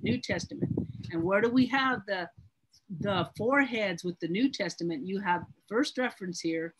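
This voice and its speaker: A woman's voice: medium pitch, noisy background. A woman teaching a Bible study class in an earnest, emphatic way, often repeating her words.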